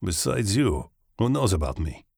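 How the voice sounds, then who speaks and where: A man's voice: on the low side, very animated, moderate pace, vocal fry, a little mellow, husky, dry recording, clean studio sound, exaggerated voice. A man reading a curt Russian ex-colonel. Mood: hostile. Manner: curt, menacing. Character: hostile Russian ex-colonel, middle-aged man in hiding. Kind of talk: audiobook character reading.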